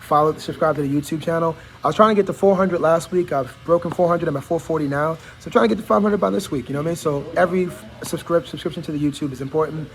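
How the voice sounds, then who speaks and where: A quick, talkative man with a fairly high voice and a gravelly, fried edge. He hosts a casual livestream from a barbershop and talks straight to his viewers, reading out their comments as he goes. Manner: talkative, reads out chat comments. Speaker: livestream host.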